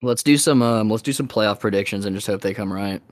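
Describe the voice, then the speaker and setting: A young man hosts a laid-back podcast, rambling through whatever comes to mind and laughing often. His voice sits a little low and the sound is dry and close, with no room around it. He swears casually and keeps it relaxed. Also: brisk, dry recording. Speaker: podcast host.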